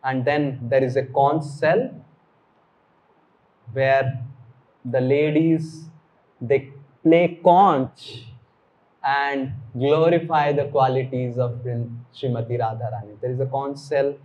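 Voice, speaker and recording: A man giving a devotional sermon, explaining scripture slowly and mixing in Sanskrit terms. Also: mid-range voice, darkish tone, low-quality recording. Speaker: spiritual teacher.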